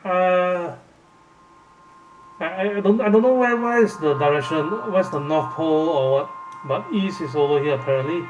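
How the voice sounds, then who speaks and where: A man's voice: a little high, normal speed, dull audio, slight background noise. A man reading through a fantasy gamebook live, nervous and hesitant, with plenty of fillers and restarts. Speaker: gamebook reader and channel host. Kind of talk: casual live gamebook playthrough. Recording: roomy, distant mic with music behind.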